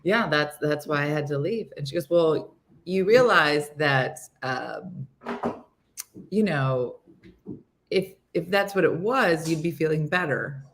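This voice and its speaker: A woman in her fifties hosting a casual morning show, telling a story with animated delivery and acting out her friends' voices. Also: low voice, measured pace. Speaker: host.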